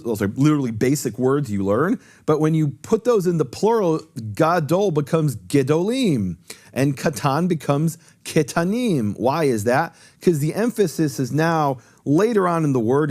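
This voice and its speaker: A man with a slightly high, darkish voice appears on a talk show as a guest teacher on Hebrew. He lays out a detailed explanation in an earnest, lecturing way, stressing key points by repeating them.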